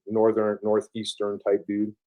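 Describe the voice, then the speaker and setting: A military veteran in his forties speaks with a Buffalo accent softened by years in the South. His voice sits low and sounds warm and mellow. He rambles casually, full of "like" and restarts, with the odd swear word. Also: monotone, a little slow. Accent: Buffalo mixed with Southern US. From upstate New York. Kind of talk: casual interview conversation.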